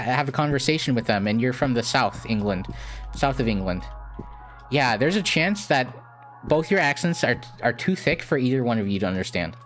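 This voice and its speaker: Streamer, lively bouncing pitch, chatty, giggly, game music in the background. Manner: chatty, giggly, talks to chat. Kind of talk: casual horror game commentary.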